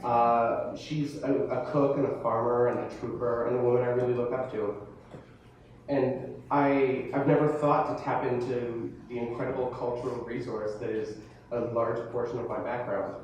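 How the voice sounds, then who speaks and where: A man's voice: mid-range voice, flat delivery, normal speed, darkish tone, a little hiss or hum. Stammering teen guy joking in an echoey hall. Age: late teens. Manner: self-deprecating, joking, stammers and restarts. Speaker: student giving a talk. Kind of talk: presentation to an audience. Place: large hall or classroom with an audience. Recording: echoey room, voice from a distance.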